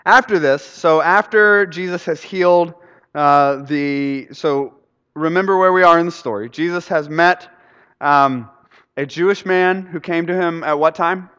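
A man's voice: on the high side, a little slow, fairly bright tone, smooth. Man preaching in an echoey hall. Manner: conversational storytelling, asks the congregation questions. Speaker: pastor. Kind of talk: sermon. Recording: echoey hall, dull sound.

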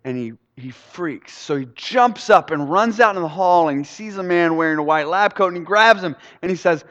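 Male pastor, conversational sermon storytelling, slightly high voice, echoey church hall, dull sound. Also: lively intonation, normal speed, few pauses, fairly bright tone. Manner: conversational storytelling, asks the congregation questions.

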